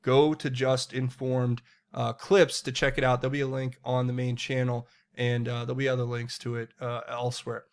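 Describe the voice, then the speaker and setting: A man's voice: medium pitch, flat delivery, moderate pace, smooth. Earnest man hosting a commentary vlog. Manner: earnest, direct address to viewers. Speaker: political commentary channel host. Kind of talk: solo political commentary monologue.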